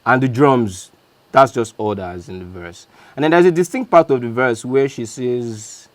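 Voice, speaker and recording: A man's voice: mid-range voice, moderate pace, no echo. Chatty man walking through his beat. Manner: chatty, loose, self-correcting. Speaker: music producer. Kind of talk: casual beat breakdown walkthrough.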